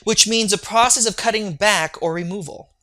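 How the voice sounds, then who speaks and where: A lecturer giving a recorded online lecture on medical terms, energetic and joking, often checking in with the listener. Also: medium pitch, moderate pace. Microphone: recorded video lecture.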